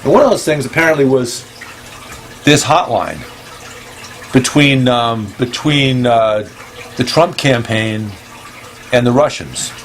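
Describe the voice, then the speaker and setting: A man with a middle-pitched voice hosts a loose, joking monologue. He stumbles through ums and restarts, keeps a playful deadpan, and now and then jumps into a high-pitched exclamation. Faint background noise and running water sit behind him. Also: takes it slowly, pauses often. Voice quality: hesitant, full of ums and restarts. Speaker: host. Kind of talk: casual rambling comedy monologue.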